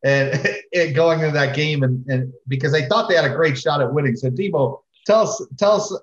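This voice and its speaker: Roomy, muffled podcast host. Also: male voice, on the high side, normal speed. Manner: loose and conversational, many fillers and restarts. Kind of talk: casual podcast chat. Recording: dull, roomy remote audio.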